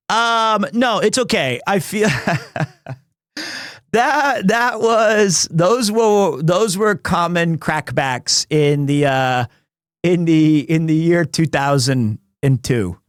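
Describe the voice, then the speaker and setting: Man in his thirties, high voice, dry close sound, rambling jokey streamer chat. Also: slow pace, a bit bright, smooth, no room sound. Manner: rambling, self-interrupting, chuckles often; jokey and teasing. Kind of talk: casual live-stream chat.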